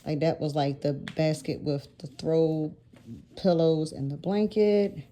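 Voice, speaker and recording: A woman in her thirties talks through her planner decorating in a loose, rambling way, often correcting herself and laughing between thoughts. Her voice sits low and mellow, and the whole thing feels like an easygoing chat. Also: unhurried. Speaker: planner vlogger. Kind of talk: casual chatty vlog narration.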